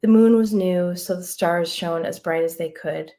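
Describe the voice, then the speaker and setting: Low-voiced woman reading her prose. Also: warm tone. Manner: measured, reflective reading. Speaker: author. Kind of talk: reading a prose excerpt aloud.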